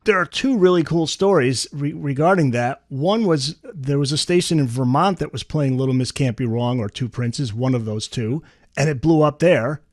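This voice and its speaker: A man's voice: mid-range voice, normal speed, a little mellow, no echo, studio quality. A man hosting a casual interview, asking follow-up questions and retelling a story. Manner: brief affirmations and follow-up questions. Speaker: podcast host.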